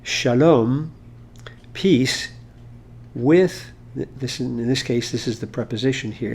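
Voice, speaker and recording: A man's voice: medium pitch, gravelly, darkish tone, a little hiss or hum. A man explaining Hebrew grammar in an informal lesson, talking it through with fillers and restarts. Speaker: Hebrew teacher.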